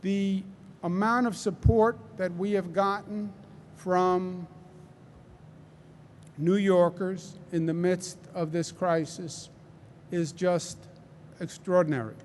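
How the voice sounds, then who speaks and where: Slow, high-voiced Queens man briefing. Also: steady tone, a little hiss or hum. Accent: New York Queens. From New York. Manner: deliberate, emphatic, with rhetorical check-ins. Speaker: government official at a press briefing. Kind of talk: press briefing address. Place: large indoor site with construction behind him.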